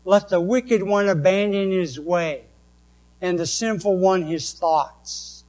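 A man with a New England accent, preaching a sermon and reading scripture verses slowly and deliberately. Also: sits high, a little mellow, rough recording. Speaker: pastor.

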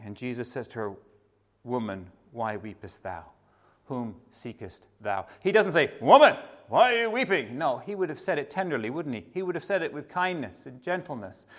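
A man preaching an evening sermon, earnest and halting, often restarting his sentences and dropping into soft asides. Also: medium pitch.

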